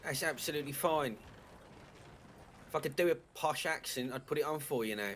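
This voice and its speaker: A man's voice: on the high side, a little fast, a bit bright, a little hiss or hum. A man grumbling and swearing his way through a casual in-character roleplay banter. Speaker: roleplay player.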